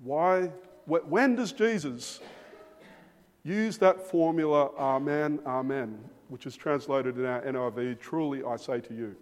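A man with a slightly high voice preaches an expository sermon a little slowly, speaking emphatically and repeating words as he begins phrases. A large hall gives the recording a long reverb.

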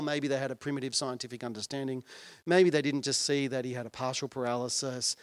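A man's voice: medium pitch, no echo, clean studio sound. A male pastor preaching a sermon in an earnest, conversational way and putting questions to his listeners.

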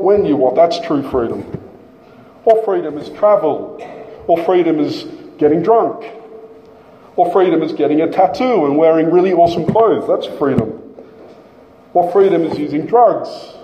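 A middle-aged man preaching a sermon, emphatic, slowing down and repeating his key phrases. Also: fairly high pitch, dull audio, slight background noise. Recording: echoey hall from a distance.

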